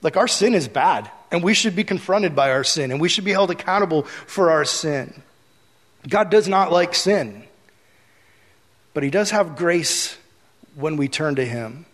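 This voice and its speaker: A man's voice: on the high side, lively intonation, measured pace. Conversational male preacher in reverb. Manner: conversational preaching, drops to soft earnest tones. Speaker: pastor. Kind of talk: sermon.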